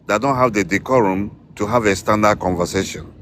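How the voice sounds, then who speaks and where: Low-voiced man, curt and dismissive, speaks deliberately. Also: fairly bright tone, slight background noise. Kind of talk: heated online debate.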